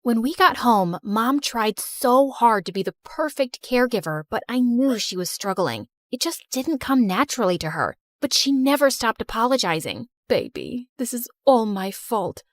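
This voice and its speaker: Lively, high-voiced woman narrating. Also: normal speed, few pauses, no echo, clean studio sound. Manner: confessional, expressive. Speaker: storyteller. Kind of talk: scripted first-person narration.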